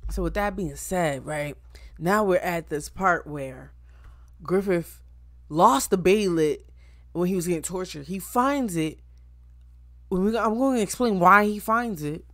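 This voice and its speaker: A woman recapping an anime for her viewers in a chatty, profane way, full of fillers, swinging between loud bursts and low asides. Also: measured pace, no echo. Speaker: anime reaction YouTuber.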